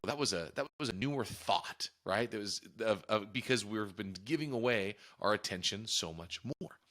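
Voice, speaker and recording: A podcast host with a lowish, sharp-toned voice delivers a casual, reflective monologue. He speaks earnestly and often restarts or repeats his phrases.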